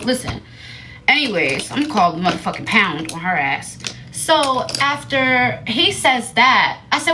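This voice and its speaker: A woman chats with her live viewers, her voice leaping high and low as she tells the story. Her tone is bright and sharp, her talk blunt and full of swearing. There is a faint noise in the background. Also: a little slow. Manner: animated, profane, blunt. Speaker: livestreamer. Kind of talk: casual storytelling to a live audience.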